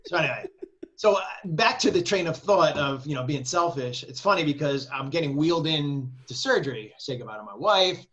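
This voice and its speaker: A man, a guest on an interview podcast, telling a personal story in a casual, animated way, swearing freely and laughing between phrases. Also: a little high, a little fast, lo-fi sound. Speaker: guest composer.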